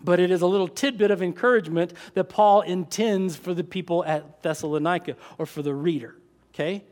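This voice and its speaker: A male pastor preaching a sermon to his church, mixing casual asides with rising, excited emphasis. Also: high voice, a little fast.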